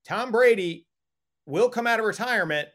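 High-pitched man, podcast co-host, swears a lot, quick joking riffs. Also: lively intonation, fairly bright tone. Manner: profane, fast, laughing riffs. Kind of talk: casual sports chat.

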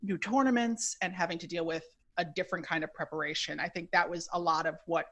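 A man as a podcast interview guest, speaking in a measured, thoughtful way with some hesitations. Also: a little high, fairly even intonation, sharp tone. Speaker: guest tennis editor.

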